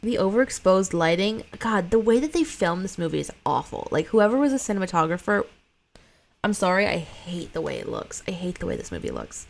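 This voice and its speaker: A woman streaming casual reaction commentary on a horror film, blunt and expressive, groaning and cursing freely. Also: on the low side, fairly quick, creaky, a little hiss or hum.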